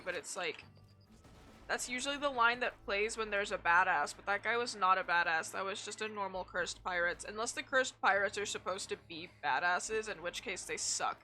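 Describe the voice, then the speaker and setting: A woman's voice: mid-range voice, pushed and bright. A young woman streaming a game, chatting casually in a blunt, rambling way with frequent swearing. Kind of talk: casual chat while gaming.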